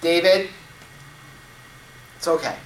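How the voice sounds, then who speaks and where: A man in his fifties voicing a patient mother who calmly teaches her young son to make pancakes. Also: a little high, slow pace, a little hiss or hum, pitched above the performer's own voice. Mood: instructive. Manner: calm, instructive, gently reassuring. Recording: echoey room, distant mic.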